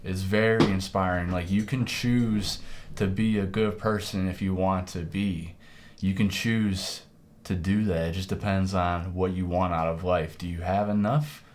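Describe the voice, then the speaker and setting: A man's voice: sits low, fairly even intonation, a little slow. A man hosting a music reaction, talking casually and effusively, rambling and swearing freely.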